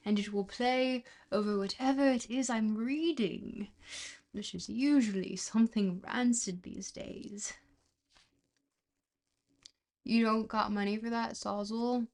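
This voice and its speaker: A woman's voice: on the high side, fairly even intonation, a little slow, a little mellow. Chatty woman streaming and reading aloud. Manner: chatty, trails off and restarts, laughs at herself. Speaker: livestreamer reading a book aloud. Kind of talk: casual livestream chat.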